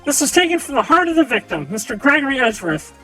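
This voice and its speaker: A woman with a high, bright-sounding voice reads a courtroom game aloud on a live stream. She gives every line theatrical weight, switching between characters. Soft game music runs quietly underneath. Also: sing-song, fast. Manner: dramatic, theatrical reading. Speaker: streamer reading a visual novel aloud.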